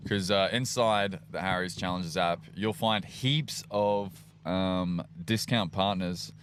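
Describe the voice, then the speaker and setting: A man with an Australian accent co-hosts a live race broadcast, teasing and joking in relaxed banter. His voice sits a little low. A faint hiss of background noise hangs under his talk. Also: slow. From Queensland, Australia. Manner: jokey, playful, teasing banter. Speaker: livestream co-host. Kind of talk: casual live event commentary.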